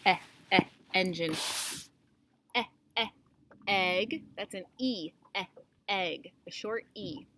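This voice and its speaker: Slow, encouraging woman teaching phonics. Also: mid-range voice, a bit bright, slight background noise, poor audio. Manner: slow, encouraging, sounds out letters. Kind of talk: phonics lesson for young children.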